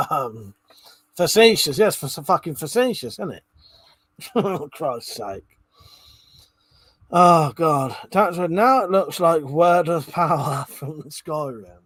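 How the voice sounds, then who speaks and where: A man's voice: on the high side, expressive, slow, fairly bright tone, slightly rough. A drunk man hosting a live stream, rambling casually, swearing a lot and laughing often. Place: indoors at home.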